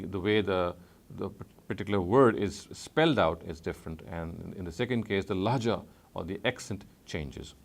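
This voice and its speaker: A male Islamic studies lecturer gives a scholarly talk in a low, measured voice. He pauses often with "uh" and corrects himself frequently.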